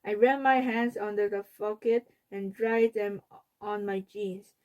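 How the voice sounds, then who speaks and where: A woman, a native Korean speaker, reading a children's book aloud in English, carefully and deliberately. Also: medium pitch, steady tone, dull audio.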